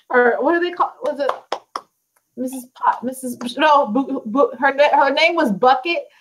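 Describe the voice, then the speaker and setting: An American woman hosting an interview, chatty and quick to laugh, with lots of "you know". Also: sits high, poor audio. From United States. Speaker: interview host. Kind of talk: casual interview chat.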